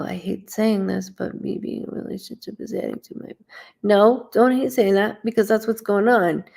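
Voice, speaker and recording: A woman's voice: mid-range voice, creaky, darkish tone. A woman working as a psychic medium on a casual live stream, talking straight to the viewer in a blunt way and swearing freely.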